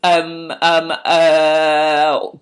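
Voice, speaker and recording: A woman's voice: low voice, completely flat delivery, extremely slow. A woman speaking in a fiery, preachy monologue to camera, repeating words and restarting sentences as she presses her point. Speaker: vlogger giving life advice.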